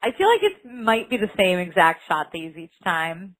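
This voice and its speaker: A woman's voice: fairly low pitch, big pitch swings, moderate pace, fairly bright tone, dry recording, poor audio. A woman co-hosting a podcast, chatting with enthusiasm and frequent giggles about a TV episode. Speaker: podcast co-host. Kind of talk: casual chat recapping a TV episode.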